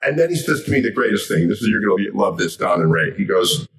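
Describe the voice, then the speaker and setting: Animated man telling stories, lively pitch. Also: fast talker, far from the mic. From United States. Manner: animated, acts out quoted dialogue. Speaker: sports commentator and guest. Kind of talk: casual anecdotal storytelling.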